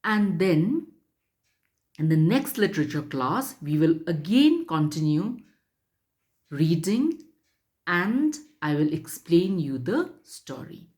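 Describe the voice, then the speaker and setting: A woman teacher reading a story aloud to children and explaining it in a slow, careful, instructive way. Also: lowish voice, very animated, a little mellow.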